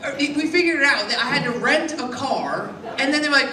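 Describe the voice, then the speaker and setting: A woman's voice: sits high, animated, a little fast. A woman performing a stand-up set in a club, rambling crudely and chatting with the audience, laughter behind her. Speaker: stand-up comedian. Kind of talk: stand-up set with crowd work. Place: comedy club stage, live audience. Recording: roomy live club sound from a distance, loud crowd and noise.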